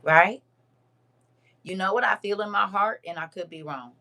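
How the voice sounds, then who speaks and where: Woman, livestream host, teasing, lively, laughs a lot, casual chat. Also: medium pitch, moderate pace. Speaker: livestream host reading viewer comments.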